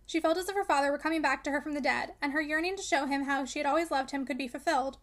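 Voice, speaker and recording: A woman reading a classic novel aloud in steady scripted narration, voicing the dialogue quietly. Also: high-pitched, rapid-fire. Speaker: audiobook reader.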